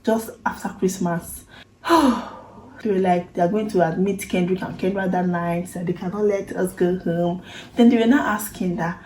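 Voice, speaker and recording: A Nigerian woman vlogger speaks straight to camera, telling her own story in an earnest, emotional way and using Pidgin turns of phrase. Her warm, mellow voice is medium-pitched with fairly even intonation and a moderate pace. The room sounds noticeably echoey, and there's a little hiss or hum.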